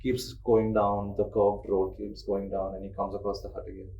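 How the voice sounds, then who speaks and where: A man's voice: on the low side, monotone, normal speed, mellow, highs cut off, slight background noise. A young man, casually telling a ghost story on a podcast and swearing freely. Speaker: podcast host.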